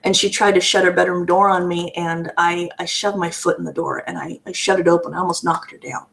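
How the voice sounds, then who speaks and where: A woman's voice: on the low side, fairly even intonation, a little fast, gravelly, fairly bright tone. A woman giving candid personal testimony in a vlog, earnest and raw, often restarting and repeating her words. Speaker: vlogger sharing a personal story.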